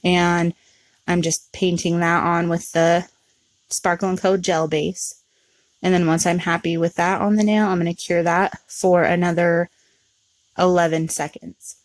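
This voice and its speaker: A woman hosting a nail art tutorial, talking through each step in a relaxed, chatty way with frequent ums. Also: fairly low pitch, unhurried, no echo. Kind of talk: casual step-by-step tutorial narration.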